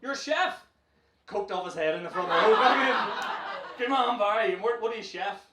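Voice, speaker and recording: A man with a Northern Irish accent and a voice that sits high hosts a comedy club night, speaking at a measured pace. He teases the front row with brash, sweary crowd work and laughs often. The indoor recording is very noisy and roomy, captured from far off, with a loud audience laughing and cheering.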